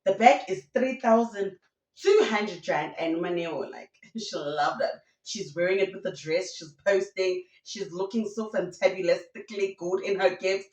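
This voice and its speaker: A woman telling gossip stories as a YouTube commentator, lively and full of local slang. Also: mid-range voice, normal speed, recorded from a distance. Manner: animated storytelling with laughs and local slang. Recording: roomy sound from away from the mic.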